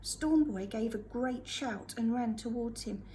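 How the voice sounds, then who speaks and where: A woman reading a storybook aloud to a school class with expressive delivery. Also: on the high side, measured pace, hardly any pauses, slight background noise.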